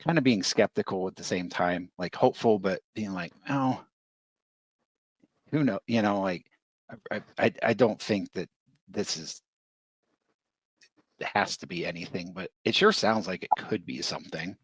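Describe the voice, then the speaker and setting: A man's voice: deep voice, moderate pace, slightly rough, no room sound. A man hesitantly telling his part of a story, with many fillers and restarts. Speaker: guest storyteller. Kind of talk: casual storytelling.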